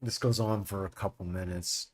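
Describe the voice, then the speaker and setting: A man's voice: sits low, steady tone, moderate pace, darkish tone. A man narrating as game master in a tabletop game, often laughing as he narrates.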